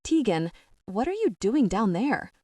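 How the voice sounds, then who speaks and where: A woman's voice: on the high side, very animated, a little slow, warm tone, no room sound, far from the mic, pitched above the performer's own voice. Brief: worried, nosy young friend, read by a woman. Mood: curious.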